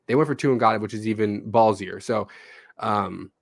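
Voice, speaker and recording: A man's voice: fairly low pitch, normal speed, creaky, no room sound, clean studio sound. A young man co-hosting a casual sports podcast, telling stories with lots of swearing and energy. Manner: animated, profane storytelling. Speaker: podcast co-host.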